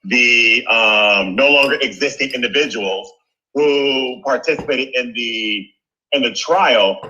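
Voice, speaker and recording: A man's voice: medium pitch, slow pace, bright, forceful tone, highs cut off, slight background noise. A man calling into a talk show, angry, indignant and profane. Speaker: caller.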